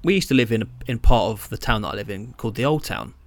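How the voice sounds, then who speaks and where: A man's voice: on the low side, animated, fast talker, dry recording. A British man co-hosting a podcast, chatting in a rambling, filler-heavy way and bantering with his friend. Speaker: podcast co-host. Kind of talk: casual chat.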